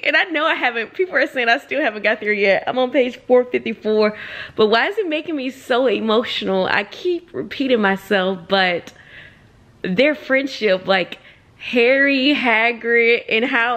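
A young woman vlogger reacting to a book in excitable, slangy casual chat. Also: on the high side. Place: public place.

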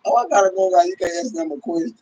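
Man, high pitch, profane mocking livestream rant, bursts of shouting. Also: rapid-fire, lo-fi sound. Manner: profane, mocking, animated, with sudden shouts and laughs. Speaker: livestream host. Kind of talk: ranting livestream commentary.

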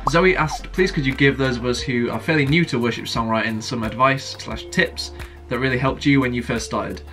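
A man's voice: medium pitch, moderate pace, fairly bright tone, soft background music. A young man in a casual vlog Q&A, earnestly answering viewer questions about writing worship songs. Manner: earnest, sings example lines himself.

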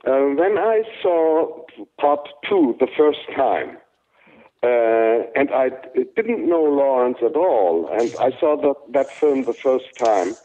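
An older man with a German accent, a German native speaker, speaking haltingly in an interview with many fillers and restarts. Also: medium pitch, lively intonation, warm tone. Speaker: interviewed actor. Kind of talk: casual interview talk. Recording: tinny phone-like sound.

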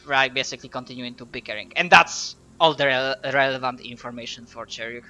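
A man's voice: mid-range voice, fairly even intonation, quick pace, pushed and bright, lo-fi sound. A man running a tabletop game as game master, narrating with hesitant fillers and self-corrections.

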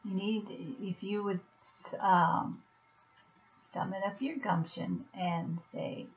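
Slow, gentle woman on dull lo-fi audio. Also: mid-range voice. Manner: soft, gentle and reassuring, with halting pauses. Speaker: vlogger. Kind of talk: personal video message. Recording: dull lo-fi recording.

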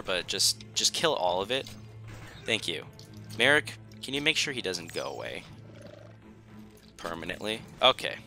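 A man's voice: lowish voice, pushed and bright. A young man commentating his own strategy game, pleading and joking at the enemy in a dramatic, self-mocking way. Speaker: gaming YouTuber. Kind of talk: gameplay commentary.

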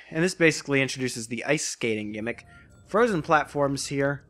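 A man's voice: medium pitch, lively intonation, quick pace, fairly bright tone, faint music behind. A man casually narrating his gameplay, rambling with frequent restarts and jokes about puns. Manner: rambling, self-correcting, jokey about puns. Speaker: let's play host.

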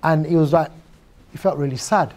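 A man preaching a sermon, retelling stories in a lively, informal way and speaking directly to his audience. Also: on the high side, moderate pace. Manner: lively storyteller who acts out quotes in a softer voice.

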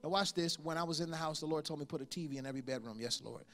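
A pastor in his forties delivering a sermon, telling a personal story with lively impressions of the people in it. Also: a little high, rapid-fire. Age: 40s. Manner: storytelling with animated impressions and laughter.

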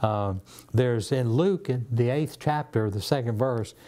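A man with a Southern US accent, a pastor leading a Bible study in a church, animated and acting out the scripture he quotes. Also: a little slow. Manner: animated, acts out scripture quotes with rising pitch.

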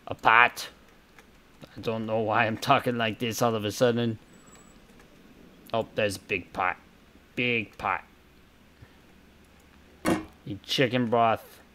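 A young gameplay commentator rambles through a cooking game in slow, drawn-out bursts, swearing freely. He mutters half-finished asides to himself, breaking into sudden loud outbursts. His voice is middle-pitched over a faint hiss.

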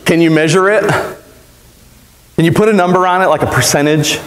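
A man's voice: fairly high pitch, brisk, echoey room, big-room sound. A young man preaching a live sermon in church, chatty and joking, putting questions to the congregation. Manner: conversational, asks the congregation questions, jokes. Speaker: pastor. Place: church sanctuary.

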